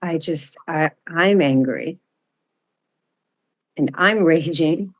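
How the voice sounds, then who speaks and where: A woman, a guest in a self-inquiry session, talking candidly and reflectively, a bit halting. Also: deep voice.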